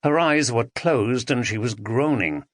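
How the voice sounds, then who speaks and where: A man narrating an audiobook thriller, expressive and dramatic, on a close studio mic. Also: medium pitch, unhurried, no echo. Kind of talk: scripted narration.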